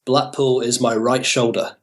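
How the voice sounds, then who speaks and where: A man's voice: medium pitch, little pitch movement, unhurried. A young British man from northern England, a guest on a podcast, talking in an upbeat way and laughing easily. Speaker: guest, youth worker. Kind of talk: casual podcast interview.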